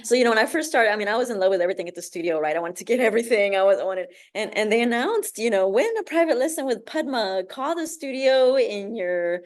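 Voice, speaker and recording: Giggly, excitable woman telling a story. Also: a little high, fast, hardly any pauses. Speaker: yoga student on a webinar. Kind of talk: casual storytelling.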